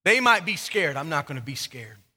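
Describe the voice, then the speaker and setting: A man's voice: fairly high pitch, sing-song, normal speed, bright, forceful tone, big-room sound, heavily acted. A male preacher voicing a proud, loyal disciple who boasts he will never run, in a sermon. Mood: boastful. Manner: boastful, defiant.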